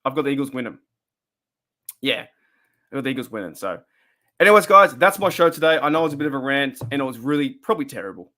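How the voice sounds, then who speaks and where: Hosting a relaxed fan livestream, the Australian man talks in an animated, fast way, though he leaves long pauses. His mid-range voice has a sharp tone, and he rambles chattily while reading out chat comments.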